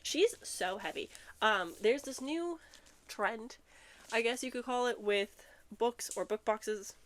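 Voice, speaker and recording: A young woman vlogging a book unboxing in a casual, chatty way, excitable and giggly, a bit out of breath. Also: fairly high pitch, slow pace. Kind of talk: casual chat and reading blurbs aloud.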